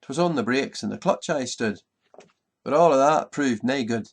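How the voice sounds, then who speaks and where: A man voicing a rueful rural bus driver, reciting slowly in a broad Ulster Scots accent. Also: mid-range voice, lively intonation, slightly rough, pitched above the performer's own voice. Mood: pleading. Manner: slow broad recited dialect.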